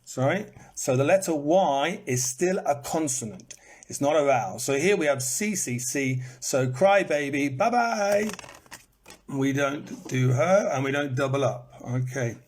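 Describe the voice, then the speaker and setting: With a medium-pitched voice at normal speed, a man teaches English in a live online session recorded on a phone. He repeats words to highlight their stress and breaks into fragments of song.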